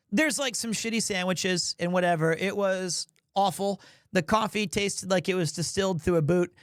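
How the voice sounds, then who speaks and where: Animated high-voiced male streamer telling stories. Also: no echo, studio quality. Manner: animated, swears casually, self-mocking. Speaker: live streamer. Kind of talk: storytelling on a live stream.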